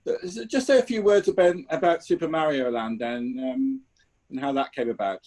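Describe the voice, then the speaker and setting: A man hosting an interview, prompting his guest with short, soft questions. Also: a little high, fairly quick. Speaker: interviewer, host. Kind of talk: casual interview.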